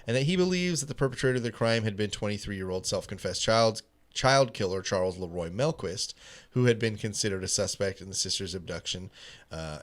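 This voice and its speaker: A man hosting a podcast in a studio, reading a true crime story from notes and running a playful trivia quiz. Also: lowish voice. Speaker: podcast host.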